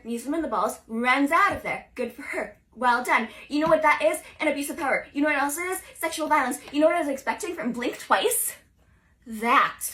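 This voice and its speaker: A young woman retelling movie scenes in casual, animated commentary full of filler words. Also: sits high, rough recording. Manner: animated, fast-talking, lots of filler words. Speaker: social video creator.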